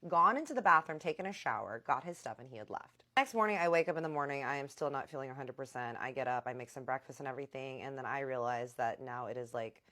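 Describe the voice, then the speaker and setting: A young adult woman telling a personal story in a chatty, animated way, acting out what people said. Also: rumbling low, fast, few pauses. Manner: chatty, animated retelling with acted-out quotes. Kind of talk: casual storytime vlog.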